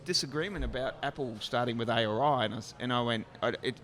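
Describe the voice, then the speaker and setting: A man's voice: mid-range voice, fast talker, few pauses, a crowd in the background. A man with an Australian accent, a brewery co-owner guest telling a joking story in casual chat. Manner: animated, joking, swears casually.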